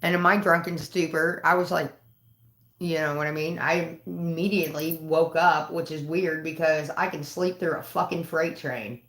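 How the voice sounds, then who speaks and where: A woman's voice: sits low, fairly even intonation, moderate pace, a bit bright, roomy sound. A woman chatting casually on a livestream from home, rambling and swearing freely. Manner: profane, rambling storytelling. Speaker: live streamer.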